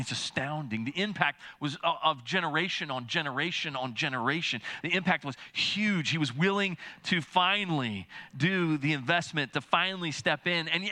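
Animated male preacher, bright voice. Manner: animated, acts out quoted voices with big pitch jumps; halting with frequent repeated words. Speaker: pastor. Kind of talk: sermon.

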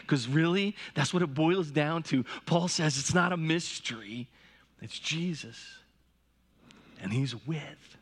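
A man's voice: a little high, normal speed, husky. Conversational man in his forties preaching. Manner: conversational storytelling with frequent restarts. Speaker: pastor. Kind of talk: sermon.

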